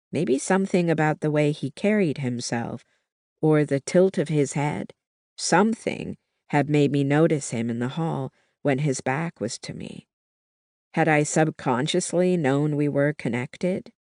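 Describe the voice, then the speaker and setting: Measured audiobook narrator, unhurried, dry close sound. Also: mid-range voice, darkish tone, no echo. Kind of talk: first-person novel narration.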